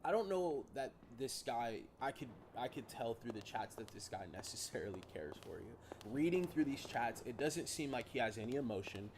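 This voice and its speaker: Guy confronting a scam victim, blunt but gentle, noisy background hiss. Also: medium pitch, lively intonation, moderate pace, few pauses. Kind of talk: documentary interview.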